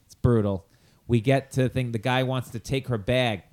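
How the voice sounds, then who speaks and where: Long island guy hosting a podcast, jokey animated storyteller, mid-pitch voice. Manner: animated, jokey, quick asides. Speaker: podcast host. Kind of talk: casual comedic storytelling.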